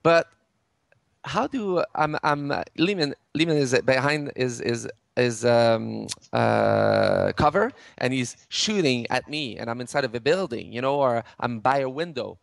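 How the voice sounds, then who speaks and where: A middle-aged man walks through how his game works, his voice sitting at an ordinary middle pitch. He stumbles and restarts often, mixing in fillers as he explains. The sound is dry and close, with no room around it. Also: very animated, a little slow, gravelly, no echo. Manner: many restarts and fillers, gestures while explaining. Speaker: game studio head. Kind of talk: interview, explaining game mechanics.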